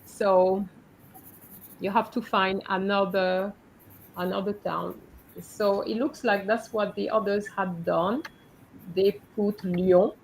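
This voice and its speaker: A woman's voice: mid-range voice, fairly even intonation, slow, gravelly, a little hiss or hum, low-quality recording. A woman teaching French in a live online class, patiently going through her students' letters and correcting them one by one over a video call.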